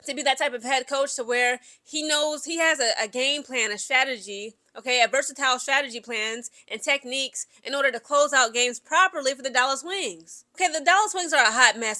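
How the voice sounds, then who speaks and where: A woman with a high-pitched, sharp voice gives her viewers chatty, opinionated sports gossip, addressing them directly and emphatically while often tossing in "okay?"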